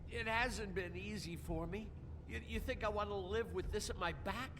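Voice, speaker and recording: An actor playing a nervous, defensive butcher in a game, stammering and pleading. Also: male voice, high voice, moderate pace, noisy background, lightly acted. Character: nervous middle-aged male butcher, whiny and defensive.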